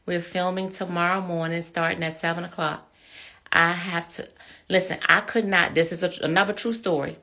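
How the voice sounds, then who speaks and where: A woman's voice: fairly low pitch, steady tone, moderate pace, pushed and bright. A woman in her fifties hosting her show, talking candidly and casually to her viewers as friends, calling them y'all. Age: 50s. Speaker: show host.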